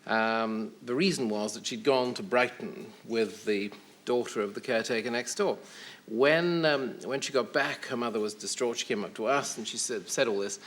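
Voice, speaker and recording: A man, a guest on a television chat show, telling anecdotes in a wry, hesitant way with many pauses and fillers. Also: mid-range voice, fairly bright tone. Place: television studio.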